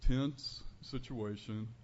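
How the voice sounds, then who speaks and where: A man giving an earnest, conversational sermon as a preacher in a church, building to louder emphasis on key points. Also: medium pitch, fairly even intonation, extremely slow. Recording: dull lo-fi recording with faint room noise.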